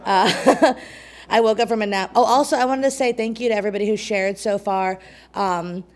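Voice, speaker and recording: A woman's voice: mid-range voice, fairly even intonation, moderate pace. Breathless, giggly woman poet at an open mic. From New York State. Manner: nervous, laughing asides, chatty. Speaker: poet and co-host. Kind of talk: open mic poetry reading. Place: small community venue.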